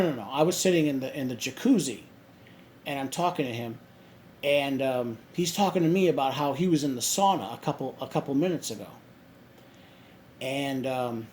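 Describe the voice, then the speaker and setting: A man telling a story casually to his viewers, halting with many restarts and fillers. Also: medium pitch, darkish tone, a little hiss or hum. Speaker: vlogger.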